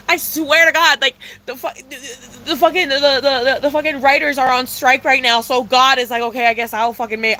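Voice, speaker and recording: A woman's voice: high voice, sharp tone, a little hiss or hum. A young woman telling a casual storytime rant about a bad date, dramatic and profane, full of slang fillers. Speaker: vlogger.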